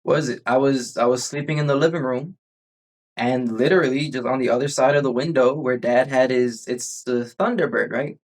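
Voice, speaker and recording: A man's voice: mid-range voice, steady tone, a little fast. A man chatting casually on a podcast, telling rambling stories with frequent restarts. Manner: rambling storyteller, restarts often. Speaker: podcast host. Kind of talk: casual chat.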